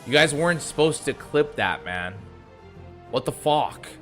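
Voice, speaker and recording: Profane, bright-voiced streamer man. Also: fairly high pitch, lively intonation, unhurried. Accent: US East Coast. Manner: loose, profane, reads chat aloud. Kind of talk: casual live-stream chat. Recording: faint music behind.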